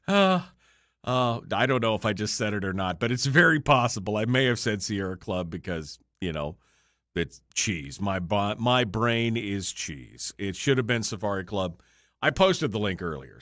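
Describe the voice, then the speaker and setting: Fairly low-pitched and fairly bright, a male radio talk show host's voice comes through clean studio sound without room noise. While on a break, the tired, yawning host chats off the cuff with his online audience in a livestream, rambling and joking at his own expense.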